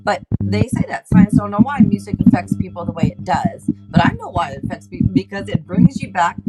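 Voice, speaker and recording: A woman hosting a tarot stream, chatting in a rambling, animated way. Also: mid-range voice, heavy background noise. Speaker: host reading tarot. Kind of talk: casual chat.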